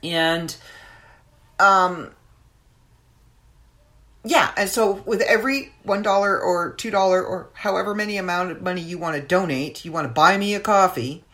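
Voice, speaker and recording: A woman's voice: fairly low pitch, moderate pace, long pauses, a bit bright. A woman hosting her own podcast in casual, rambling chat, with many fillers. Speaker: podcast host.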